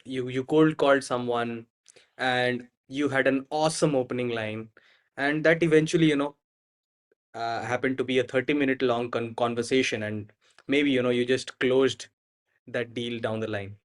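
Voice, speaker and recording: Male podcast host, mid-pitched, feels his way through questions. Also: steady tone. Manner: halting, searching questions. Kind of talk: interview questions.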